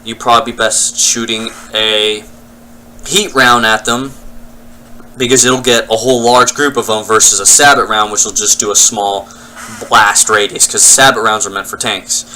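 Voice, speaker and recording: A man's voice: fairly low pitch, steady tone, normal speed, sharp tone, poor audio. A young man giving casual let's-play commentary, explaining as he plays and often correcting himself mid-sentence. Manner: rambling, self-correcting, explanatory. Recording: faint game noise behind.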